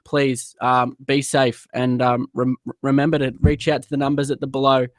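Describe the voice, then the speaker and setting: A man from Australia hosting a live-streamed interview, earnest and halting with fillers. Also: mid-range voice, completely flat delivery, dry recording. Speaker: podcast host.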